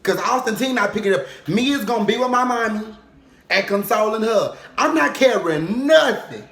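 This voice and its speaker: A man voicing an indignant middle-aged auntie who flatly refuses to carry a casket, protesting loudly and emphatically. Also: sits high, pitched above the performer's own voice. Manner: loud, emphatic, drawn-out protests. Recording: roomy echo.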